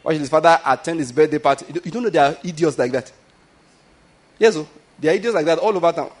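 Pastor preaching, conversational and probing. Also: male voice, on the high side, fast. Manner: conversational preaching, frequent rhetorical questions and restarts. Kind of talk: sermon.

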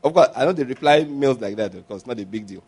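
A man preaching a sermon as a pastor, animated and often laughing as he mimics others. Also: medium pitch, fast, husky.

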